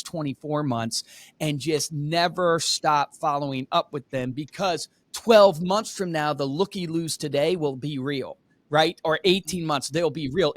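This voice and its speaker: A man's voice: on the high side, no room sound. A man hosting a call-in podcast, giving direct coaching advice and checking in with "right?". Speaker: podcast host.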